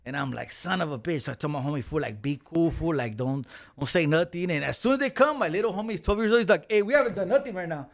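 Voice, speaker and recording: Gravelly man storytelling. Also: a little high, fast talker, hardly any pauses. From Los Angeles County. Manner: slangy, swearing, animated when acting out quotes. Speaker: podcast guest. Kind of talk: casual storytelling.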